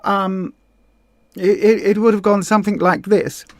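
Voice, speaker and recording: A woman hosts a casual livestream, speaking at medium pitch with a steady tone and a measured pace, no echo audible. Originally from Hampshire, she has a southern English accent and chats in a friendly, rambling way, reading viewer comments with frequent ums and repeated words.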